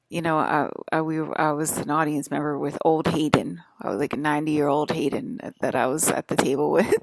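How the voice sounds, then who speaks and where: A woman with a low, gravelly voice and a lilt talks in a loose, wandering vlog monologue. She often trips over her own sentences and starts them over. The sound is close and dry. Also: dry recording. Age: adult with children. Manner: chatty, wandering, restarts mid-sentence. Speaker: vlogger. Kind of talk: rambling casual monologue. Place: hotel room.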